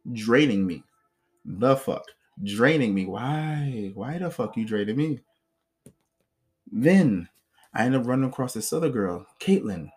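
A man talking straight to his viewers, blunt and full of swearing as he works through old relationships. His voice sits in a middle register, and he slips into animated mimicry when quoting people. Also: medium pitch. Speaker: self-help vlogger. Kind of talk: casual personal storytelling.

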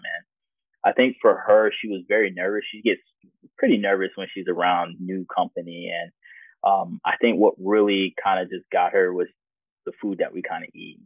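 Deep-voiced man on a tinny line. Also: fairly even intonation, moderate pace, no room sound. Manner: reflective, easygoing storyteller. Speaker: interview guest. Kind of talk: casual personal storytelling. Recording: tinny phone-like dry sound.

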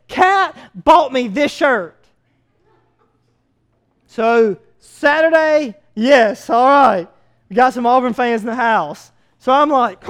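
A male pastor preaches a sermon in a very high, fairly bright voice at a slow, expressive pace. He tells stories conversationally, peppering them with hesitant fillers.

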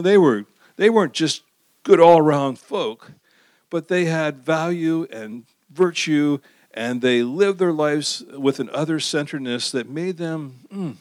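A middle-aged male pastor with a slightly high voice preaches conversationally, asking the audience questions and repeating phrases for emphasis. The recording is dry with clean studio sound.

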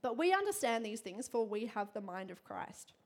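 A young woman preaching to a congregation in a chatty, quick way, full of fillers and bursts of laughter. Her voice sits a little high, and she moves easily between storytelling and teaching. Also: sing-song. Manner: chatty, fast, laughing often, many fillers. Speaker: church speaker. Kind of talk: sermon with personal story.

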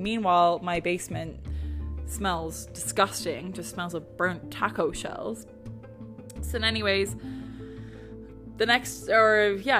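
A young woman telling stories about her week in a casual, animated way, swearing freely and saying "like" a lot. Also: medium pitch. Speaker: vlogger. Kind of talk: casual storytelling.

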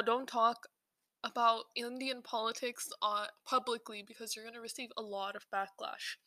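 A woman's voice: a little high, pushed and bright, no echo. A young woman hosting a podcast in a casual, rambling chat, full of fillers and restarts. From South Asia. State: slightly out of breath while eating. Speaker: podcast host.

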